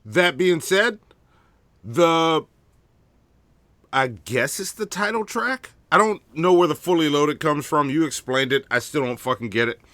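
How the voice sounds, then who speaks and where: A man co-hosting a podcast in casual chat, swearing freely and giving lively opinions. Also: fairly high pitch, unhurried, no room sound. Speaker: podcast co-host.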